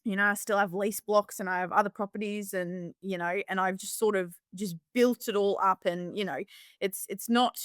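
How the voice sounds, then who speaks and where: A woman's voice: medium pitch, fairly even intonation, normal speed, no room sound, clean studio sound. A woman in her twenties with an Australian accent, telling her story as a podcast guest in blunt, casual talk full of swearing and acted-out quotes. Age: 20s. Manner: blunt, swears freely, acts out others' voices. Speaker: guest farmer.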